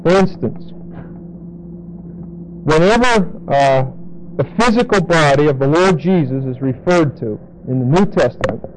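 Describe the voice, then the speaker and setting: Man teaching scripture, slow emphatic repeats. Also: a little high, lively intonation, a little hiss or hum, poor audio. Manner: explanatory, repeats key words slowly for emphasis. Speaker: Bible teacher. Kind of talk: verse-by-verse Bible teaching.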